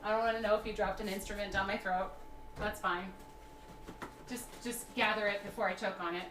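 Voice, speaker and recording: A woman's voice: mid-range voice, fairly even intonation, fairly quick, fairly bright tone, slight background noise. A young woman hosting a cooking livestream, talking casually with lots of fillers and restarts. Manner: rambling, chatty, many fillers and restarts. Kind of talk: casual chat while cooking. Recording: faint background music.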